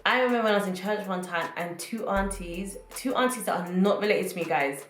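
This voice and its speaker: Animated British woman vlogging, roomy echo. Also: medium pitch, brisk. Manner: animated, joking, addresses viewers as guys. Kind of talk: casual comedic monologue to camera. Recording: roomy echo, faint music.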